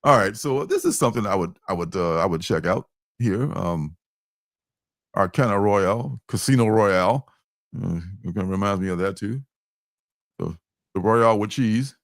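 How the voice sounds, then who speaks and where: A man's voice: fairly low pitch, moderate pace, no echo, clean studio sound. A man hosting a comic book livestream, chatting casually, joking and rambling with frequent chuckles. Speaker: livestream host.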